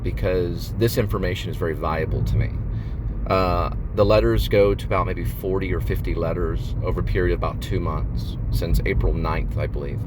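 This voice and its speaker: A middle-aged man talking casually about his new play, rambling with halting restarts and fillers. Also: low-pitched, noisy background. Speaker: playwright. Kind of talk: casual talk to camera.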